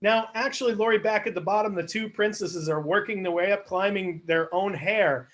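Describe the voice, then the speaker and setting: Upbeat male host narrating improv scenes, higher voice, casual and playful. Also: moderate pace, fairly bright tone. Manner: chatty, laughing, asks the audience for suggestions. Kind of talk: live online improv narration.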